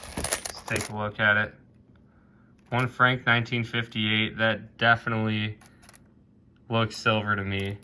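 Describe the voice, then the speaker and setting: A man narrating his own coin hunting video in a casual, excited way, often calling out to viewers as "guys". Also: lowish voice, a little slow, long pauses, smooth. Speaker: coin roll hunting vlogger.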